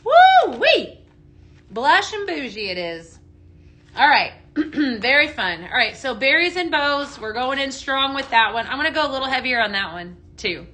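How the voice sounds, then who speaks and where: This home fragrance seller speaks in a high, bright, pushed voice with big swings in pitch at normal speed. Chatty and a little breathless, she hosts a casual live-stream product demo and reads viewers' comments aloud mid-conversation.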